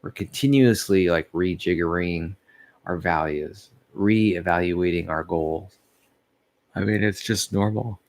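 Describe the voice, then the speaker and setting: A man's voice: low voice, unhurried. A tired, sleepy man rambling casually in a vlog, yawning, losing his thread and chuckling at himself. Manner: meandering, loses his thread, laughs softly at himself. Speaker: vlogger.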